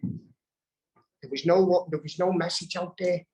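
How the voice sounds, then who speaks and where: A man's voice: high voice, fairly even intonation, unhurried, darkish tone, rough recording. A man with a Scouse accent from Birkenhead, telling his story candidly and bluntly at a live recovery workshop, swearing freely. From Birkenhead, England. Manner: blunt and profane, heavy swearing. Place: live convention hall.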